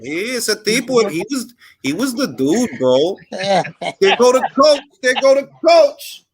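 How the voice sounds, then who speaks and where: A man's voice: very high-pitched, very animated, a little slow, slightly rough. A man hosting a casual boxing podcast, telling stories in slangy English with Spanish phrases thrown in. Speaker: podcast host. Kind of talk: casual panel chat.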